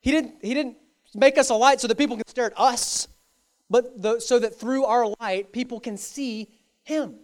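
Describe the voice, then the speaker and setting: High-voiced male pastor preaching. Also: normal speed. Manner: earnest preaching with repetition for emphasis. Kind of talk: sermon.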